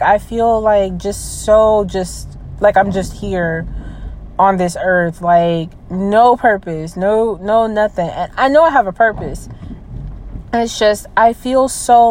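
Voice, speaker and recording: A woman's voice: a little mellow, slight background noise, poor audio. Hesitant, emotional young woman venting. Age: 20s. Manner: hesitant, many fillers and trailing restarts; low, emotional, close to tears. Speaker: vlogger. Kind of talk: personal venting vlog.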